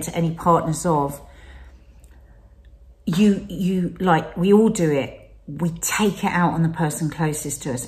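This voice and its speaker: Woman co-host, slightly low voice, expressive storyteller who acts out quotes, candid conversational talk. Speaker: podcast co-host. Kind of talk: candid conversation about mental health.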